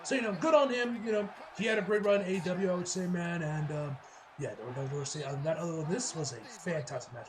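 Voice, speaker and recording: A man giving a casual, rambling wrestling show review, excitable and full of fillers and laughs. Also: sits high.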